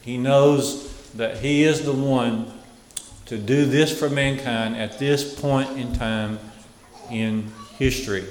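Guy preaching slow, repeats his big words then goes quiet, sounds like a roomy church from a bit off. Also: mid-range voice, fairly even intonation, a little hiss or hum. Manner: repeats key phrases, dropping to a hush. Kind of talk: sermon.

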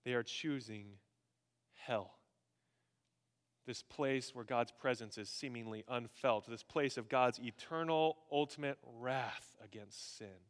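A man preaching a sermon as pastor, animated and dramatic, swinging from loud bursts to hushed emphasis. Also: mid-range voice, slow pace, long reverb tail.

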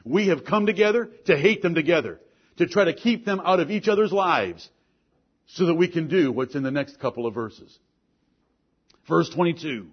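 Husky high-voiced man preaching a sermon. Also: animated, normal speed, lo-fi sound. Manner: forceful preaching, rises and drops sharply, rhetorical questions. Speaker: pastor.

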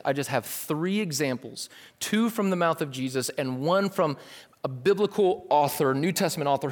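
Man preaching casually in a reverberant hall. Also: on the high side. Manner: casual, lively preaching with slang asides. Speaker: pastor. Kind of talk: sermon.

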